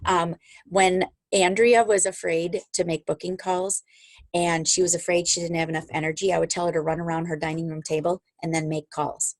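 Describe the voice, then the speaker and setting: A woman's voice: lowish voice, level tone, moderate pace, no room sound. A middle-aged woman leading her sales team on a video call, upbeat and encouraging, chatting with asides.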